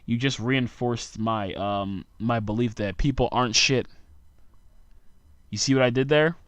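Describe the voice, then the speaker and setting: A man's voice: mid-range voice, a little slow, smooth, no room sound. A tired young man, hosting a solo podcast and ranting sarcastically in a rambling way. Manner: sarcastic, rambling rant with frequent asides. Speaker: podcast host.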